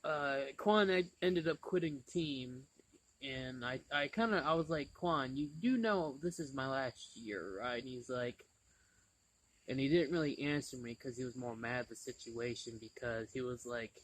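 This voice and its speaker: A man hosts a relaxed chat and tells an old story with lively energy. His pitch sits in a middle range, and he laughs freely as he talks. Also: moderate pace, rough recording. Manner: animated storyteller, laughs often. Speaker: channel host.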